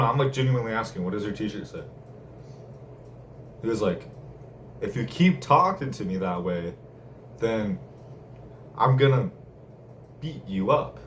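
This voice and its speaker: A young man rambling casually with lots of slang and laughter while telling a story from his day. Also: fairly low pitch. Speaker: vlogger. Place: room at home. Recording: distant mic, faint room noise.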